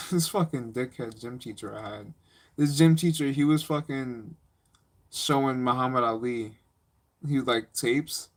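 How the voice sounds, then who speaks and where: A man's voice: mid-range voice, measured pace. A young man on a live stream, rambling casually with slang and laughter as he tells stories.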